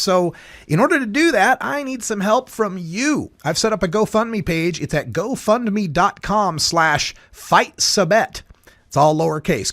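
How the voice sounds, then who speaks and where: A man's voice: on the high side, a bit bright, dry recording, clean studio sound. A man from Oregon hosting a radio talk show, earnest and persuasive. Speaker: radio host. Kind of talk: radio commentary.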